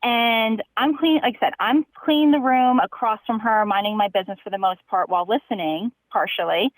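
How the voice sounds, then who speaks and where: A young woman calling in to a podcast, telling a long story in an animated, chatty way with plenty of fillers. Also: fairly high pitch, brisk, no echo, low-quality recording. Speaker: caller. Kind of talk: casual storytelling.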